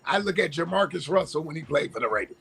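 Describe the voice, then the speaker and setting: Arguing his case and stopping to think aloud, this sports talk show co-host keeps the chat casual. He speaks a little high with lively intonation, vocal fry and a fairly bright tone.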